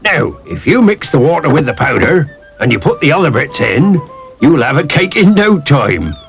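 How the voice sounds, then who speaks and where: A man's voice: on the high side, big pitch swings, moderate pace, faint music behind, pitched above the performer's own voice. Jolly old sailor, voiced by a man. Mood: kindly. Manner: hearty, old-fashioned sailor talk. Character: jolly old seafaring man, good-humoured.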